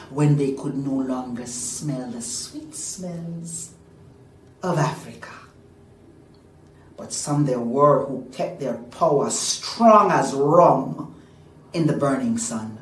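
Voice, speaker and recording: A woman performs a folk tale for a live audience, her slow, low-pitched voice dropping to hushed whispers and then rising to loud cries. She is heard from far off in a roomy space, with faint background noise underneath. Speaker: storyteller. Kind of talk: dramatic live folk storytelling.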